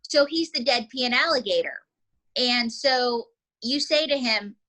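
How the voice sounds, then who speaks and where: Bright, slightly high woman coaching a beginner, chatty and demonstrative. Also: animated, a little slow, poor audio. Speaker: ventriloquism teacher. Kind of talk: casual instruction.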